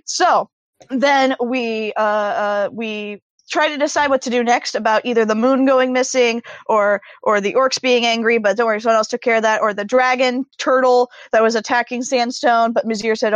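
A woman's voice: on the high side, fairly even intonation, a little fast, no room sound, highs cut off. A woman breathlessly recapping the last game session as a player, in long run-on sentences full of fillers. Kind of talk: rambling excited game recap.

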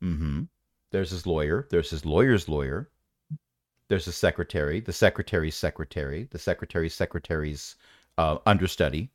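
A man's voice: extremely low pitch, moderate pace, no room sound, clean studio sound. A man narrating as game master in a tabletop game, wry and rambling with playful jokes.

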